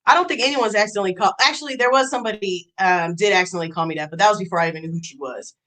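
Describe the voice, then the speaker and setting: A woman's voice: medium pitch, racing, a bit bright, poor audio. A woman live streamer in a profane, mocking rant, reacting to clips and messages. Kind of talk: ranting commentary.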